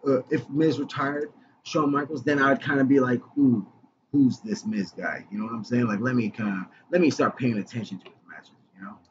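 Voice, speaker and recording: An excitable man co-hosts a casual podcast, swearing freely and calling his partner bro and dude. The recording is dull and lo-fi, with a steady hiss behind him. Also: medium pitch, brisk. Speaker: podcast co-host. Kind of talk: casual chat about wrestling. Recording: lo-fi with clear background noise.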